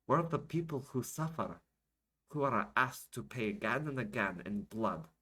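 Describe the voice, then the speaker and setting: A solemn woman interpreter delivers grim words slowly and carefully, as a man reads her part. Her voice sits a little above his natural register. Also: medium pitch, animated, bright, forceful tone, husky, heavily acted. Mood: grave. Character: woman interpreter, earnest and grave.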